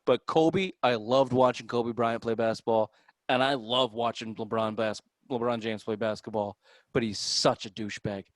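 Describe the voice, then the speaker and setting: A man with a Boston accent hosting a casual sports podcast, animated and profane, his voice jumping up when he gets worked up. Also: medium pitch, moderate pace, no room sound.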